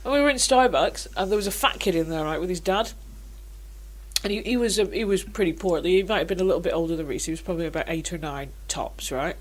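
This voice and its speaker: A woman, co-hosting a casual chat podcast and telling animated, laughing stories. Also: lowish voice, fast. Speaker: podcast co-host.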